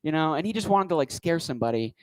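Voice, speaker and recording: A man's voice: on the high side, expressive, quick pace, dry recording, low-quality recording. A man doing a stand-up comedy set on a club stage, talking into a handheld mic with a wry, rambling delivery.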